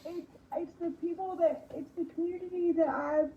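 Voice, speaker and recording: Very high-voiced woman, halting speech. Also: steady tone, dark tone, roomy sound, muffled recording. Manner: halting, repeating words, slow effortful speech. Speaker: podcast host as guest. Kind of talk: casual interview answers.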